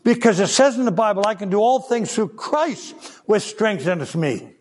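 A man's voice: high-pitched, normal speed, big-room sound. An older man preaching a children's sermon, telling stories and acting out voices. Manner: animated storytelling, acting out voices.

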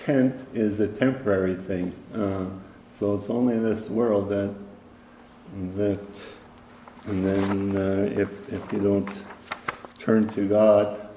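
Male Bible teacher, mellow low voice, slow and halting delivery, roomy hall sound. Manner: halting, frequent fillers, reads verses aloud. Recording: echoey hall with long reverb.

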